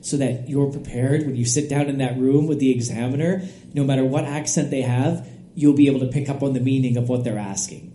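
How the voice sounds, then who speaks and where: A man who is a native English speaker, a guest expert giving steady, explanatory podcast answers and often checking in with "right?". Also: medium pitch, a little hiss or hum. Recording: echoey room.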